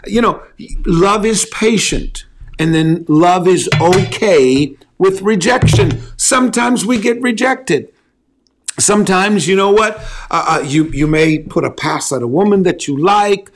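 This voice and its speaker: Male pastor, unhurried conversational sermon, repeats phrases, rhetorical questions, fairly high voice. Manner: repetitive, folksy preaching with rhetorical questions. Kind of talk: conversational sermon on love and relationships.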